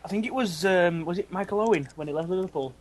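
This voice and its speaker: A man in casual banter among friends, his voice sitting high. He is chatty and laughs easily. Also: fast.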